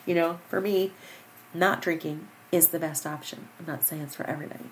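A woman's voice: low-pitched, fairly even intonation, a little fast, a little hiss or hum, low-quality recording. A woman hosting a personal podcast, speaking earnestly into a microphone, tearful and fighting back crying. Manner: heartfelt, earnest, repeats herself. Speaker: podcast host. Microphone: studio microphone.

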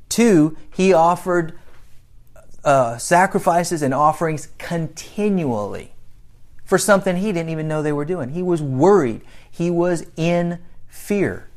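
A man preaching a sermon with emphatic, drawn-out phrasing and dramatic pauses, reading scripture aloud in a raised voice. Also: a little high, expressive, darkish tone.

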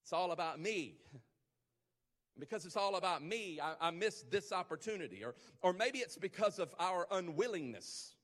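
High, bright-voiced male preacher. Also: animated, moderate pace, big-room sound. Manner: emphatic, repetitive build-ups, rising intensity. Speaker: pastor. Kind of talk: sermon.

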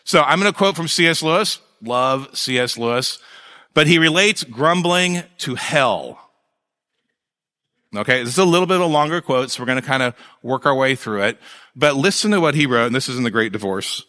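A male pastor preaching a sermon in a conversational, animated way, with jokes and asides to his congregation. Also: medium pitch, normal speed, long reverb tail.

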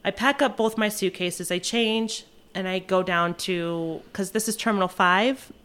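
A young woman tells a frantic travel story among friends, her mid-pitched voice bouncing as she acts out what everyone said. She laughs often and talks in quick, lively bursts. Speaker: flight attendant telling a travel story. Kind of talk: animated casual storytelling.

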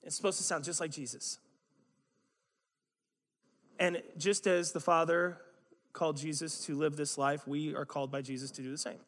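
A man's voice: fairly high pitch, fairly even intonation, moderate pace, pauses often, a bit bright. A man preaching a sermon as a pastor, telling stories in a conversational way with self-mocking humor, recorded in a church sanctuary. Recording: long hall reverb.

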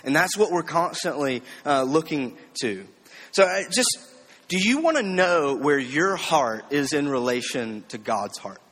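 A man with a slightly high voice preaches in a casual, conversational way. He keeps checking in with the crowd with quick rhetorical questions and drops in easy self-deprecating jokes. His voice rings out with the long reverb of a big hall. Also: very animated, a bit bright, breathy edge. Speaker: preacher teaching a series. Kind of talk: conversational sermon.

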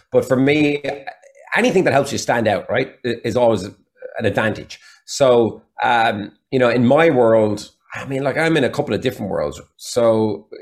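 A man's voice: medium pitch, creaky. An Irish man talking as a podcast guest, telling stories in a chatty, candid way. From Ireland. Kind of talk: casual interview chat.

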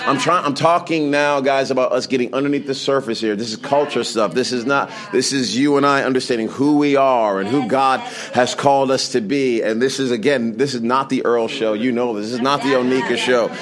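A man's voice: mid-range voice, brisk, few pauses. A male pastor giving a conversational sermon that builds to emphatic preaching before a congregation. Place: large hall with a congregation. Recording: crowd audible in a large hall. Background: congregation responding.

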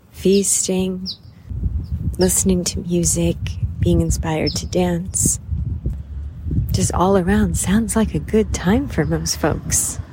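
Slow, reflective woman host, lowish voice, audible background noise. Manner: measured, contemplative, drifting into soft whispers. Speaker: podcast host.

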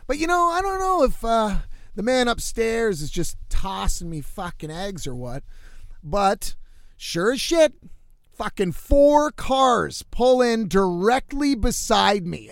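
A man with a fairly high voice rambles through a story, swearing freely and casually. He sounds dry and close to the mic, speaking from inside a van. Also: gravelly, dry recording. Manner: profane, rambling, animated storytelling. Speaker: musician living in a van.

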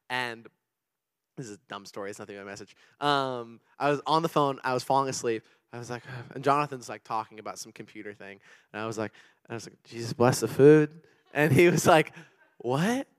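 A young man, a pastor, giving a casual sermon full of personal stories, animated and rambling with many restarts. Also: mid-range voice, dry recording.

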